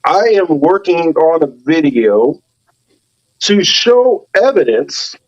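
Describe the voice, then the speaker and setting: A man hosting a loose panel podcast, his voice sitting a little high. He jokes, swears and teases the guests. The audio is dull and lo-fi. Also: sing-song, takes it slowly, a little mellow. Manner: joking, profane, teasing the panel. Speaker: podcast host. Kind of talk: casual panel chat.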